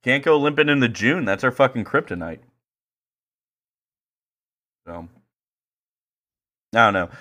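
A man co-hosting a podcast, telling stories in casual chat, animated and full of swearing. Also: medium pitch, measured pace, long pauses. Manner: profane, animated storytelling. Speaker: podcast co-host.

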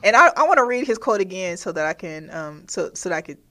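A woman's voice: lowish voice, sing-song, quick pace, a bit bright. Chatty woman podcast co-host. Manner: laughs while telling stories, chatty. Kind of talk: casual chat, reading news stories.

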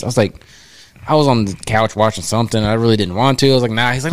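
A man's voice: medium pitch, fast, dry recording. A man in his mid-twenties co-hosting a podcast, telling a personal story in a laid-back, candid way. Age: 20s. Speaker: podcast co-host. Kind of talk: casual chat.

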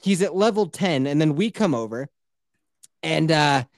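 A man in his thirties co-hosting a podcast tells a crude, profane story, laughing often and acting out other people's voices. His voice is a little high and expressive, at a moderate pace, recorded in studio quality with no room sound.

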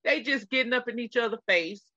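Bright Texan woman telling a story. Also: fairly quick, no room sound, highs cut off. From Texas. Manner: animated retelling, acting out quotes in a high screaming voice. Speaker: podcast co-host. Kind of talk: casual storytelling chat.

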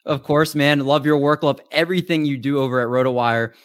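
A man's voice: mid-range voice, fairly even intonation, brisk, no room sound, clean studio sound. A man hosting a podcast, chatting casually with upbeat, hyped introductions over a remote call mic. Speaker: podcast host.

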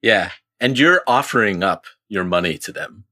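A man's voice: lowish voice, expressive, normal speed, hardly any pauses, sharp tone. A man co-hosting a casual sports chat, laid-back with dry humor and hesitant fillers. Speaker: podcast co-host.

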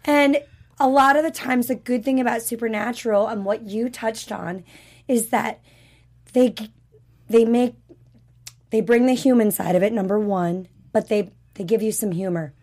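A woman co-hosting a casual TV review chat, a little hoarse from being sick, who talks in a chatty, animated way and acts out the characters' lines. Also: a little high, moderate pace. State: sick with a rough voice. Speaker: podcast co-host.

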